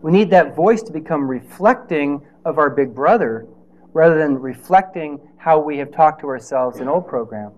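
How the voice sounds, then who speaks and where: A man's voice: fairly high pitch, lively intonation, moderate pace, a little mellow, dull audio. Conversational male preacher. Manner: conversational, rhetorical questions, playful asides. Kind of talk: sermon.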